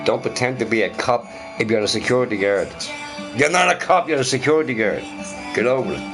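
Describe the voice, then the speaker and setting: With music playing behind him, a young man streaming live rants to his chat in a mid-range voice at a fairly quick pace. He's animated, swears a lot, and keeps repeating himself.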